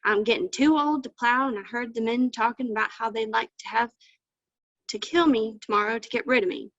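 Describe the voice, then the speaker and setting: A tired old ox, too worn out to plow, voiced by a woman in a plaintive, homespun drawl from a storybook. The pitch sits a little high and the sound is dull and dry, like an old lo-fi recording. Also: brisk, fairly bright tone, dry recording. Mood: worried. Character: weary old ox, male, fearing slaughter.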